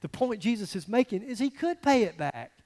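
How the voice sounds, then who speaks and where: A man preaching a sermon as a pastor, swinging from quiet, low passages to loud, emphatic ones. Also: sing-song, a little fast, big-room sound.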